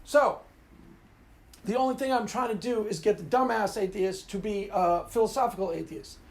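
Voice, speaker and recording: A man's voice: sits high, normal speed. A man hosting his own video, ranting casually and rambling, often laughing at his own jokes. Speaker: video host.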